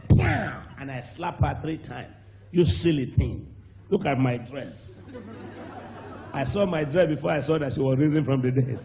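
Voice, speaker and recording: Animated Nigerian preacher telling a story. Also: male voice, mid-range voice, unhurried, creaky, a faint crowd. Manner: animated storyteller, acts out voices, bursts into shouts and laughter. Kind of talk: sermon testimony.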